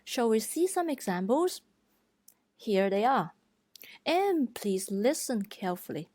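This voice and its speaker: A woman talks through a beginner's Mandarin lesson at a very unhurried pace, her voice sitting a little high. She is deliberate and clear, demonstrating each pitch, and the close recording is dry, with no room sound. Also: big pitch swings, dark tone, no echo. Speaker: Mandarin teacher. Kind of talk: slow, careful tutorial narration.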